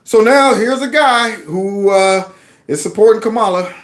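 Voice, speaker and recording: A man's voice: high-pitched, measured pace. A man hosting a casual opinion commentary show, emphatic and given to repeating his phrases. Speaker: commentary channel host.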